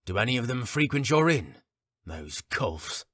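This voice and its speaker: A man voicing a composed, polite male captain in an audiobook, talking in a measured, restrained way. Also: medium pitch, big pitch swings, fairly bright tone, dry recording, studio quality, pitched above the performer's own voice.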